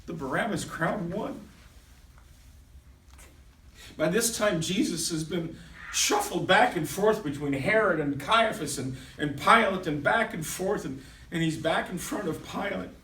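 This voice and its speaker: A man performing a first-person dramatic monologue, swinging between loud urgency and hushed intensity. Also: high voice, expressive, unhurried, long pauses, a little hiss or hum. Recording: echoey room, voice from a distance.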